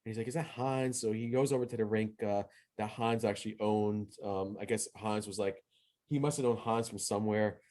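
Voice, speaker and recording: A man's voice: on the low side, steady tone, fairly quick, a little mellow. Rambling young man hosting a podcast. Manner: rambling, many fillers and restarts; acts out quoted dialogue in retelling. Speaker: podcast host. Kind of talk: casual solo movie review.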